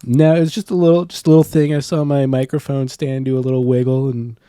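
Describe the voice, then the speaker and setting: Young man co-hosting, mellow tone, dry close mic, jokey and laughing. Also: medium pitch, flat delivery, fast talker, clear, resonant tone, dry recording. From California. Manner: joking, laughs often. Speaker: podcast co-host. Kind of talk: casual chat.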